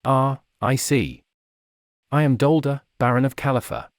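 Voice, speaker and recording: A man's voice: mid-range voice, steady tone, a little slow, dry recording, clean studio sound, natural voice. Dolder, a man doing a sneering scornful baron. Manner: sneering, raging. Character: snide plump baron, cold and scornful.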